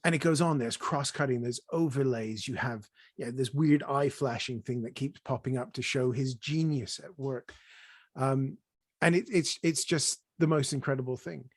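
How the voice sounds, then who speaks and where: A man hosting a chat show, excitably retelling a film scene by scene and dropping his voice for effect. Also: medium pitch, normal speed, no echo, clean studio sound. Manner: excitable storyteller, drops to near-whispers for effect. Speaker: podcast host. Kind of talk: enthusiastic film recap in casual chat.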